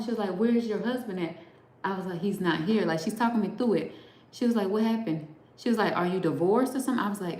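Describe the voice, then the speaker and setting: Woman, mid pitch, casual live-show host, storytelling, says "like" constantly, acts out dialogue, echoey room. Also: brisk. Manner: animated storyteller, heavy use of "like", acting out quoted dialogue.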